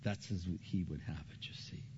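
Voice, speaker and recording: A middle-aged man preaching a sermon as pastor. He tells stories earnestly, repeats his key phrases, and his pitch climbs when he gets animated. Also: moderate pace. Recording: slightly dull recording with faint background noise.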